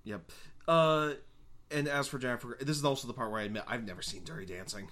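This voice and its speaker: A man's voice: mid-range voice, fast, fairly bright tone. A man co-hosting a casual movie podcast, wry and self-deprecating. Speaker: podcast co-host.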